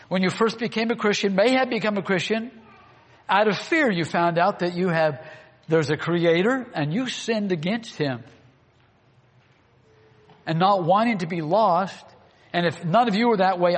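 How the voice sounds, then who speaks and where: A man preaching a sermon, earnest and full of rhetorical questions to the congregation. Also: high voice. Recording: long hall reverb.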